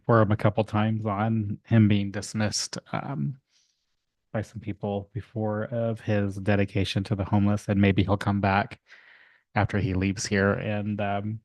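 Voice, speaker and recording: A man's voice: fairly low pitch, a little mellow, dry recording. A man chairing a city council meeting as mayor, speaking emotionally and rambling with many fillers, at a desk microphone in a council chamber.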